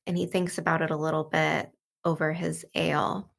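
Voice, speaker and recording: A woman's voice: lowish voice, fairly even intonation, moderate pace, creaky. A woman hosting a book walkthrough, retelling the story in a loose, chatty way full of "like" and "you know.". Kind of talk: casual book commentary and retelling.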